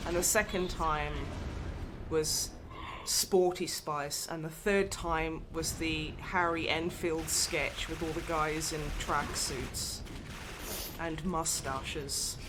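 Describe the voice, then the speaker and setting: A woman hosting a casual charity livestream, chatty and quick to laugh, with casual swearing. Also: low-pitched, fairly even intonation. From Australia. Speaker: livestream host. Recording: noisy livestream mic.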